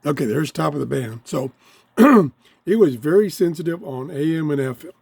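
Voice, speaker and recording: A man with a voice going hoarse, chatting excitedly as he tries out a small radio in his home office. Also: fairly high pitch, normal speed, dry recording. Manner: chatty, easily excited, talks while fiddling. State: losing his voice, throat-clearing. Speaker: radio reviewer. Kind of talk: casual hands-on product review. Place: home office full of electronics.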